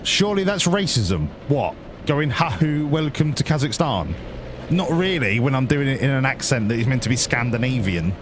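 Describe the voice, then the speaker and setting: A man's voice: medium pitch, animated, a little fast, few pauses, background noise. A man streaming a driving game, chatting in sarcastic, sweary banter as he plays. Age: adult, grew up before the 1980s. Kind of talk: live gameplay commentary.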